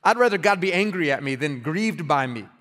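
Guy pastor preaching, kinda high voice, talks casual and earnest, lots of restarts, big echoey hall. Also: animated, brisk, fairly bright tone. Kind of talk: sermon. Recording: reverberant hall.

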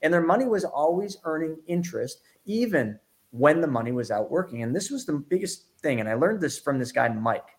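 A middle-aged man, a podcast guest, telling his story of becoming a financial educator in a lively, animated way. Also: fairly high pitch, fairly quick. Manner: lively, acts out his own past reactions.

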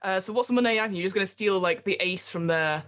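A woman's voice: mid-range voice, quick pace, a bit bright. A woman running a tabletop game as game master, with chatty, giggly narration full of fillers.

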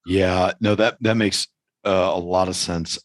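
A man's voice: sits low, steady tone, unhurried, no echo, rough recording. A man hosting an interview, asking long, thoughtful questions with a few restarts. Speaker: podcast host, interviewer. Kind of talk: conversational interview.

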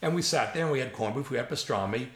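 With a medium-pitched voice and a fast delivery, a man in his seventies, a comedy writer, recounts casual anecdotes. He livens them up with impressions and plenty of frank swearing, and the recording is reverberant.

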